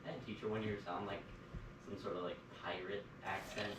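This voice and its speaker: A man making quiet, offhand remarks in a casual chat. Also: lowish voice, level tone, brisk. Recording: distant, echoey and noisy.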